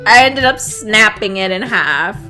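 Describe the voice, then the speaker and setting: A young woman tells a casual storytime vlog, animated and full of swearing and laughter. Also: mid-range voice, unhurried, loud music behind the voice. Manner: animated, profane, laughs often. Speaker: vlogger.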